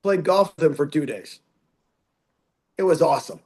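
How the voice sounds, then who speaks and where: A man's voice: on the high side, normal speed, a little mellow, breathy edge. A man speaking as a guest on a training webinar over a video call, chatty and rambling with frequent restarts. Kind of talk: casual webinar talk.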